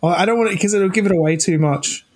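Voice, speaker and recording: A man's voice: high voice, fast, a little mellow. A man co-hosting a casual podcast, laid-back as he explains a slang word. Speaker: podcast co-host.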